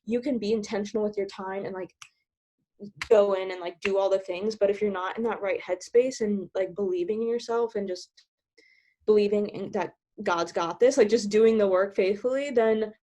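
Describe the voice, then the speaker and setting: Giggly woman on a video call, talks fast, says like a lot, middle pitched voice, casual coaching vibe. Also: steady tone, warm tone. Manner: bubbly, giggly, filler-heavy with many "like"s. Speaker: team trainer sharing sales tips.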